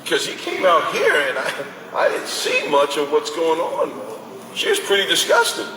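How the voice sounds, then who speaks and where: A man giving a lively, conversational talk to parents about basketball recruiting and taking their questions in a large indoor hall. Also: on the high side, moderate pace, a crowd in the background. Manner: animated and conversational, acts out parents and coaches. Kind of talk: informal talk to an audience with questions. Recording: echoey hall from far off, faint noise.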